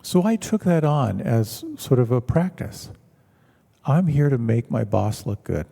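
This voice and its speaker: A man, a meditation teacher, giving a measured, reflective talk and telling stories to an audience in a large hall. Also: mid-range voice, creaky, dark tone, slightly rough. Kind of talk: dharma talk.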